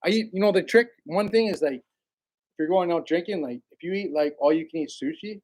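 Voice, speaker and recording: A man's voice: fairly high pitch, fairly quick, a little mellow. A man hosting a casual livestream, rambling in a laid-back way, greeting viewers by name and laughing often. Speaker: livestream host.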